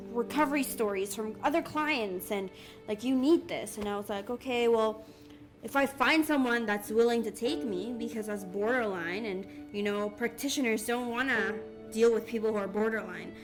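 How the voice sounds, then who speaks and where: A young woman giving candid personal testimony in an earnest, halting way, full of restarts and fillers. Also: mid-range voice. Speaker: interviewee sharing her story. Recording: music bed under the voice.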